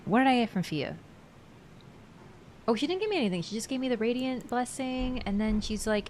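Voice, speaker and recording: A woman's voice: fairly high pitch, lively intonation, fairly quick, long pauses, darkish tone, a little hiss or hum. A woman streaming a game, chatting casually with her viewers and laughing often. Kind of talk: casual live-stream chat.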